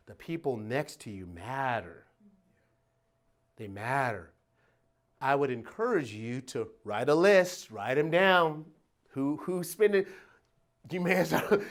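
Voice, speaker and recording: A middle-aged man from Detroit gives a motivational talk at a workplace event. His voice rises and falls in a lively, animated way. He is emphatic and folksy, and he laughs as he keeps asking the room "right?". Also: a little high. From Detroit, USA. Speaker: motivational speaker.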